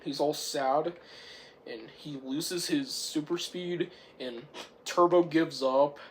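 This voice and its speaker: A young man casually recapping a movie's plot, rambling and excitable, swearing now and then and often clearing his throat. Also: fairly high pitch, takes it slowly, a little hiss or hum. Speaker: movie reviewer.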